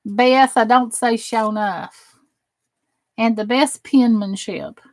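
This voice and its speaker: A middle-aged woman with a Southern American drawl chats on a crafting livestream, answering viewers' comments with jokes. Her voice sits a little high, and she takes her time, letting words stretch in an unhurried way. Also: steady tone. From Southern United States. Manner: chatty and joking, reading out and answering viewer comments. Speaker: crafting channel host on a livestream. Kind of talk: casual livestream chat with viewers.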